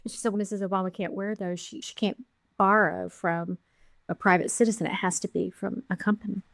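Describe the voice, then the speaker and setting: A woman's voice: mid-range voice, fairly quick, gravelly, no room sound. Middle-aged woman on a podcast, acts out every quote, dry close mic. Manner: animated storyteller, acting out quotes. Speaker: podcast guest, jewelry founder. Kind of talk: storytelling interview.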